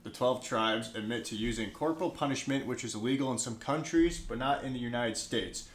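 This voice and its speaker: A man's voice: medium pitch, fairly quick. A man co-hosting a casual podcast, reading notes aloud with wry joking asides. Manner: joking, wry asides, bursts of excited outbursts. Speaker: podcast co-host. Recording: roomy room echo, faint noise.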